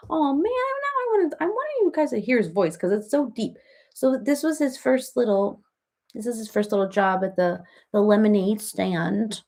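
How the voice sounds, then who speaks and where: This comedian's voice is a little high and a little mellow, with lively intonation and a measured pace. On a live stream, she impersonates a gabby reality-TV mom, meandering through gossip and family stories between laughs.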